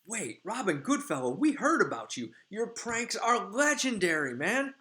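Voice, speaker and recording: A man voicing an excitable fairy fan who gushes in a high, breathless voice. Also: moderate pace, lightly acted. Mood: starstruck. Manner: breathless, gushing, high-pitched.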